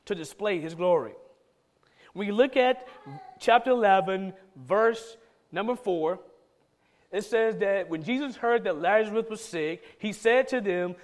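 A man's voice: high voice, measured pace. A man preaching a sermon in a church, talking with emphasis and repeating key lines for stress.

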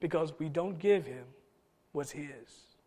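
A middle-aged man preaching a sermon, swinging between loud emphatic calls and soft low asides. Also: slow. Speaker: pastor.

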